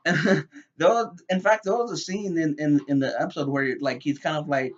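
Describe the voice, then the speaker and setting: A man's voice: a little high, normal speed, dull audio. A man giving a casual, rambling review, with lots of fillers and repeated words. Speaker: TV show reviewer.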